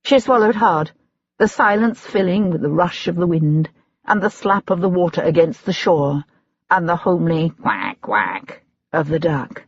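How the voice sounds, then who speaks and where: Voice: medium pitch, lively intonation, a little slow, husky, dry recording. An audiobook narrator reading a period mystery in scripted narration. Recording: dull lo-fi audiobook recording.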